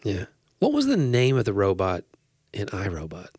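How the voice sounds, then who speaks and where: A man co-hosting a podcast in casual chat, playful and quick with jokes. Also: lowish voice, wildly swooping pitch, darkish tone, husky, no echo, studio quality. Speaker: podcast co-host.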